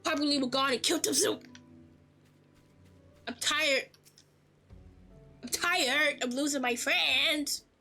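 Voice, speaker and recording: A high-voiced woman streaming a game and reacting live in emotional, profane outbursts. Her voice is bright and sharp. Faint game music plays behind her. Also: takes it slowly, long pauses.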